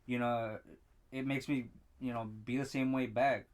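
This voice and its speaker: A man's voice: mid-range voice, fairly even intonation, normal speed. A young man, a podcast co-host, in casual profane chat, acting out the people in his story. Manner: profane storytelling, acts out quotes.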